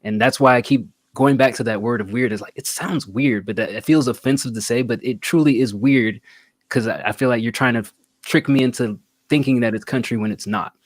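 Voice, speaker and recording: A man's voice: mid-range voice, brisk, no room sound. A man giving casual, blunt spoken feedback on a song, rambling and repeating himself. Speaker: music reviewer. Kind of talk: casual review chat.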